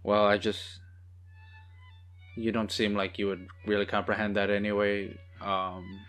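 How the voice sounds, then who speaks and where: A man's voice: on the low side, flat delivery, measured pace, fairly bright tone, faint music behind. A man hosting a casual movie watch-along, joking sarcastically at the screen and swearing freely. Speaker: host.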